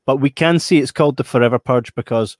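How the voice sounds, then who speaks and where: A man with a Scottish accent, co-hosting a casual chat about a film. He talks in an animated, emphatic way. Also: medium pitch, fast, no room sound, studio quality. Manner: animated, emphatic, acts out quoted voices. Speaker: podcast co-host.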